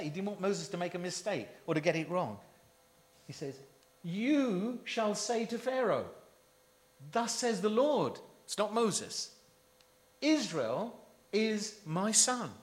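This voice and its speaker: A man's voice: a little high, a bit bright. A man preaching a sermon, emphatic and full of rhetorical questions to his listeners.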